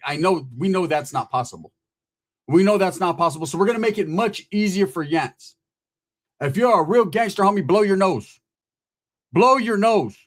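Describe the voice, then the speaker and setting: High-voiced man roasting a rival. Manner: profane, taunting, street slang. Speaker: channel host. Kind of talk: mocking roast rant to camera.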